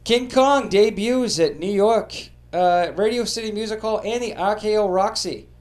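High-voiced man telling profane history jokes. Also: normal speed, darkish tone. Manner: profane, joking delivery. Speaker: podcast host. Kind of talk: comedic history storytelling.

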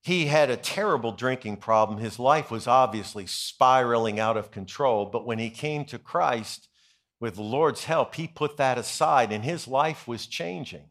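A middle-aged man, a senior pastor, preaching a sermon in a deliberate way, dropping soft and low for stories and rising for emphasis.

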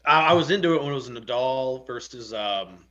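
A man's voice: mid-range voice, animated, normal speed, sharp tone. A man co-hosting a casual sports talk show in a laid-back, agreeable way. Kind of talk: casual chat. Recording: dull lo-fi sound.

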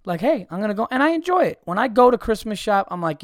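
A man hosting a podcast, telling stories in a profane, animated comedic rant with frequent restarts. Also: sits high, fast, dry recording, clean studio sound. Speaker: podcast host.

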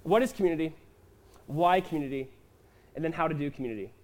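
A male pastor delivering a sermon in a conversational way, acting out quotes and asking the congregation questions. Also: on the high side. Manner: conversational preaching with quick asides and acted-out quotes.

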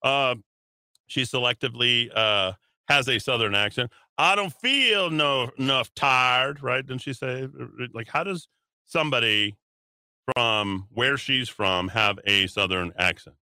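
Sharp-voiced sarcastic male talk host. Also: medium pitch, unhurried, clear, resonant tone, no echo, clean studio sound. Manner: sarcastic, mocking. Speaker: radio talk show host. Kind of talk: opinionated political talk radio.

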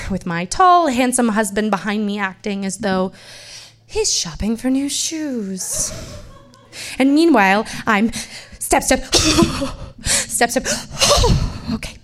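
Woman, storyteller, personal tale, wry, self-mocking, loud then hushed, mid-pitched voice.

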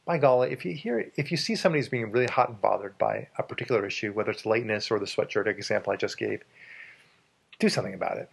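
A man's voice: fairly low pitch, quick pace, creaky, breathy edge. A man hosting a casual advice chat, emphatic and repeating words for stress as he tells anecdotes from his work.

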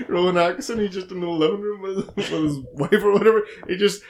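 A man's voice: sits high, a little fast. A man co-hosting a casual podcast chat, laughing often as he retells comedy sketches. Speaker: podcast co-host.

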